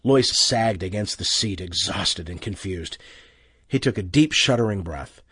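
A man narrating an audiobook with expressive, tense storytelling. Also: sits low, unhurried, husky, dry recording, clean studio sound.

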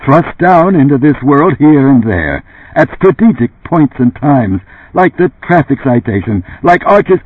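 A frantic, indignant boss, voiced by a male audiobook reader who pleads in loud, raised bursts. His voice is husky and swings widely in pitch. The sound is dry and thin, like a phone line. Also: big pitch swings, a little slow, no echo. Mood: insistent. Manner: heated, pleading outbursts. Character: agitated, indignant middle-aged male boss.

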